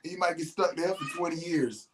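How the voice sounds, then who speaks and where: A host holding forth in a loose, casual monologue. The delivery is emphatic and full of slang and blunt profanity. The pitch leaps and drops as they push each point home. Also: brisk, a little hiss or hum. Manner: animated, emphatic, swings pitch widely.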